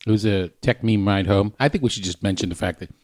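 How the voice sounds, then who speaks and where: A man with a lowish voice co-hosting a podcast, tossing in dry teasing remarks. The sound is close and dry, with no room around it. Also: fast, darkish tone, no echo. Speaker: podcast host. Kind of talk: casual chat.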